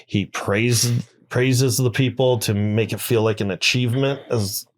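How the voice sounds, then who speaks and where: A man being interviewed on a podcast, telling his story in halting bursts with many restarts. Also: medium pitch, steady tone. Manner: halting, many restarts, recounting a harrowing experience. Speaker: interview guest.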